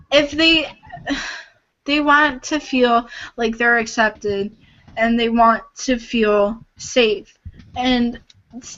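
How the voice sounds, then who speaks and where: A woman hosting a casual livestream, talking earnestly in halting bursts with sighs and restarts. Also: fairly high pitch, a bit bright. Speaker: livestream host. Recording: dull lo-fi home stream audio.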